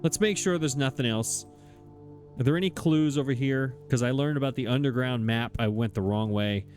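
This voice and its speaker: A man's voice: mid-range voice, moderate pace, a little mellow. Guy doing lets play commentary, frustrated, muttering to himself, faint music behind. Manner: frustrated, exasperated, talks to himself. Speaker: let's play gamer. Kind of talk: gameplay commentary.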